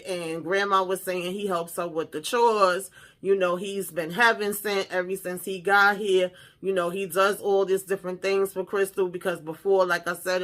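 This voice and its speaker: Woman, reality TV recap host, bright tense voice, animated, cussing, casual commentary. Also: fairly low pitch. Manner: animated, profane, exclamatory commentary.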